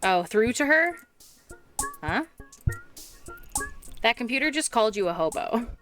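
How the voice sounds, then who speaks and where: A woman's voice: fairly high pitch, very animated, a little slow. A woman streamer giving casual, giggly commentary while playing a game. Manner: giggly, amused. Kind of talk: casual let's-play commentary. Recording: game music playing underneath.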